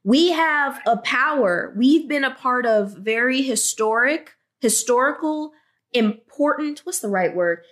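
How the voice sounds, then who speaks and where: Sassy, animated woman telling stories. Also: high voice, a little slow. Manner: animated storytelling, acts out dialogue, sassy. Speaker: guest. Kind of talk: casual podcast conversation.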